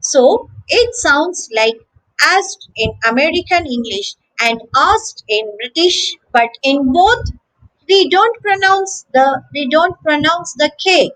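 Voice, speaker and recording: A woman with a high voice teaches English pronunciation to children. She speaks slowly and carefully, repeating each word as a drill, and her pitch moves a lot between words. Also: lively intonation, a bit bright, rough recording. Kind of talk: slow, deliberate pronunciation lesson for children.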